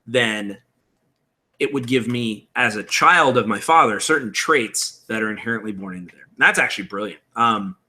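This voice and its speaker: Bright-voiced man explaining game rules. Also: on the low side, lively intonation, normal speed. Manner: casual, explanatory, reads chat aloud. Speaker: tabletop game host. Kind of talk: live-streamed tutorial chat.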